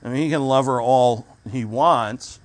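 A man's voice: medium pitch, unhurried. A man preaching a sermon in a conversational way, stopping and restarting his sentences as he explains a scripture.

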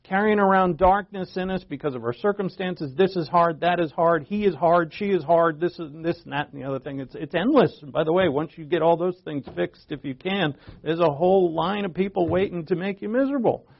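Casting: male preacher, fifties, slightly high voice, chatty rhetorical delivery, muffled lo-fi sound. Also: brisk, gravelly, hardly any pauses. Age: 50s. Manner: conversational, rhetorical questions, frequent restarts. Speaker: pastor. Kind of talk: sermon, Bible teaching. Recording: dull lo-fi recording.

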